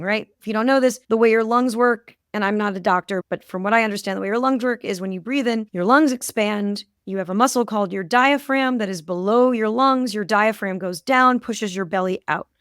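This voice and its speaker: A woman's voice: fairly high pitch, fairly quick, few pauses, a bit bright, no echo, studio quality. A woman in her thirties, a guest in a casual interview, telling stories with animation and acting out the voices of people she quotes.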